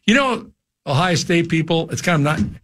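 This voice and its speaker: Older man telling animated stories. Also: normal speed. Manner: animated storyteller, jumps high for quoted shouts. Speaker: radio show guest and former coach. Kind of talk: casual storytelling chat. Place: radio studio.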